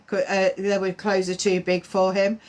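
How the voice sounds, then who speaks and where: Delivering spiritual readings over a live stream, this woman medium talks in a halting way, full of fillers and restarts. Her mid-range voice has a darkish tone and a completely flat delivery.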